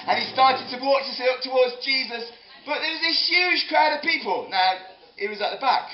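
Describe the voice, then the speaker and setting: A man telling a Bible story to children in an animated, playful way, drawing in his audience. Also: very high-pitched, moderate pace, a little hiss or hum. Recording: echoey hall, dull lo-fi sound.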